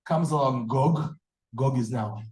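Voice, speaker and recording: A man giving a lively Torah class, acting out stories and laughing at his own jokes. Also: medium pitch, a little slow. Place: hall or synagogue with audience. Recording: echoey room.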